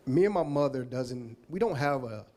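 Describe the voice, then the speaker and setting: A man's voice: mid-range voice, animated, moderate pace, dark tone. A man giving a heartfelt, rambling Hall of Fame acceptance speech, thanking people one by one.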